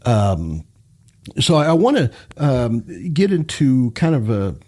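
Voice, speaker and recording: A man's voice: medium pitch, big pitch swings, takes it slowly, warm tone. A man hosting a radio interview show, asking long questions that he works out as he goes. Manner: hesitant, many fillers and restarts.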